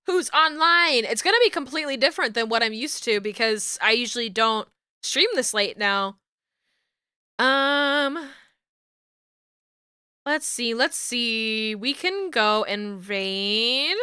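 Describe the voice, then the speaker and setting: Giggly high-voiced woman streamer. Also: slow pace, clear, resonant tone, no echo, studio quality. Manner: giggly, animated storytelling. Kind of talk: casual stream chat.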